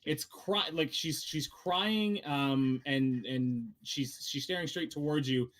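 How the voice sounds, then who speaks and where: A man's voice: fairly high pitch, slow pace, fairly bright tone. A man narrating as dungeon master in a casual tabletop game session, with many fillers and restarts.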